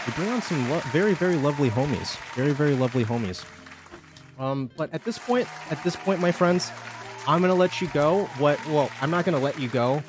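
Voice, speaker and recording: A man hosting a live stream, chatting loosely with friends and his chat, swearing as he goes. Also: medium pitch. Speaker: streamer host. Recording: music and crowd noise behind.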